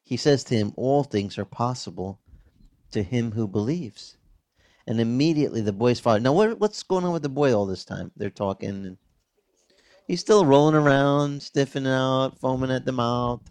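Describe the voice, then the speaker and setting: A male pastor preaching a sermon, reading scripture and explaining it in a conversational, animated teaching manner with vivid reenactments. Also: medium pitch, moderate pace.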